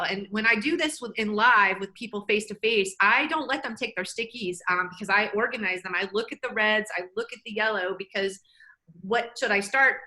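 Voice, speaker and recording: Bright, chatty woman presenter. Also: mid-range voice, poor audio. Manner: energetic, chatty, self-interrupting. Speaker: workshop presenter. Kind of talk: live webinar presentation.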